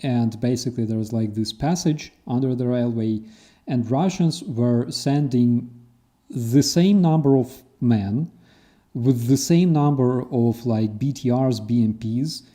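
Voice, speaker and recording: A man hosting a casual interview, who tells stories in an animated way and acts out the people he quotes. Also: mid-range voice, measured pace. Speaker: host.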